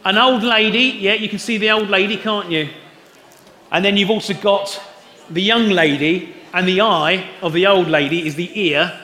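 A man's voice: sits high, normal speed, bright, forceful tone. A man preaching an Easter sermon, talking conversationally and putting questions to the congregation. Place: church hall. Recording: roomy hall echo.

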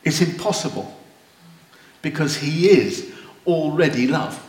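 A man preaching a sermon, slow and earnest, rising to wondering exclamations. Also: on the high side, expressive, darkish tone. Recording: roomy echo.

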